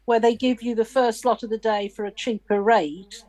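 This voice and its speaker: Woman, lively storyteller, slightly high voice, video call. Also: moderate pace. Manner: lively storyteller who acts out the people in her stories. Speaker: guest. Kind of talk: casual chat, telling stories.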